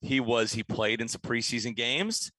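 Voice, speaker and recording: A man's voice: medium pitch, normal speed, sharp tone, dry recording. A man co-hosting a sports radio show, reminiscing in an easygoing, casual chat.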